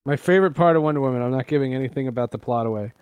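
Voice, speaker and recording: A man's voice: mid-range voice, very fast, darkish tone, smooth, no room sound. A man co-hosting a podcast in casual chat, telling stories with a joking manner. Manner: joking storyteller. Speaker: podcast co-host.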